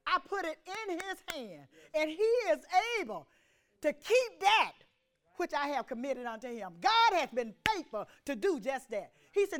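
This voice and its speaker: High, lively woman preaching a sermon. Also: a little slow. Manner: call-and-response preaching, swings from loud to hushed. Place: church.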